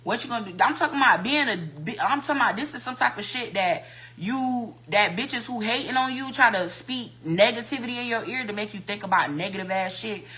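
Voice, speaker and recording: A woman's voice: on the high side, lively intonation, brisk, sharp tone, rough recording. A woman hairstylist on a livestream, ranting heatedly and profanely and repeating herself. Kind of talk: livestream rant.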